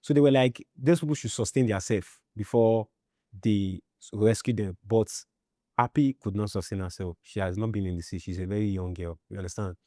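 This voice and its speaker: Soft-toned Nigerian man recounting. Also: lowish voice, dry recording, studio quality. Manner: halting, repeats himself, often asks "you understand?". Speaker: interviewee. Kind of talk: personal storytelling.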